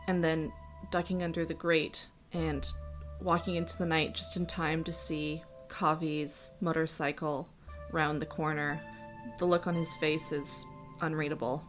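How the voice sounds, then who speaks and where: A woman running a tabletop game as game master, narrating scenes in a casual, laid-back way. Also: deep voice. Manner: casual, laughs easily, vivid scene narration. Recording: roomy echo with faint music.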